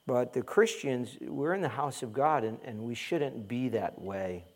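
Pastor, male, mid-pitched, conversational sermon with humor. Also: measured pace. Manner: conversational, humorous, mimics complainers.

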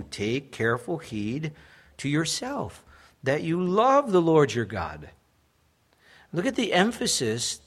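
A young adult man preaches a sermon with a husky, slightly breathy voice. He talks earnestly and pushes up into loud, emphatic stretches. His pitch sits in the ordinary middle for a man. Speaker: pastor.

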